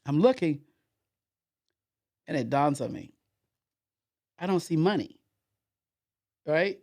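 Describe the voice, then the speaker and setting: A man's voice: a little high, animated, slow, darkish tone. A man being interviewed as a podcast guest, telling a story in a rambling way, with many repeated fillers and restarts.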